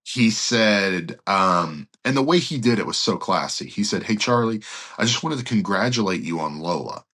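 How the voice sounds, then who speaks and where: Deep-voiced male pastor telling stories. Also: moderate pace. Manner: animated anecdote-telling, acts out quoted dialogue. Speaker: pastor and evangelist guest. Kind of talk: storytelling in a podcast interview.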